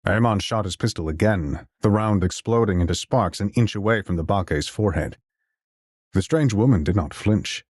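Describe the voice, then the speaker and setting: Deep-voiced male audio drama narrator. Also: normal speed, darkish tone, dry recording, clean studio sound.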